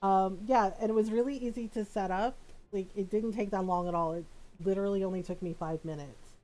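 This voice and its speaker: A woman's voice: medium pitch, steady tone, fairly quick, dark tone, poor audio. A woman streamer chatting casually and affectionately while playing a game, laughing often.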